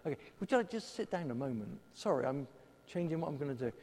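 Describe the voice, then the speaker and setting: A man's voice: fairly high pitch, sing-song, fast talker, a little mellow, slight background noise. A man preaching a sermon and leading prayer, conversational with self-deprecating humour. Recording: long hall reverb.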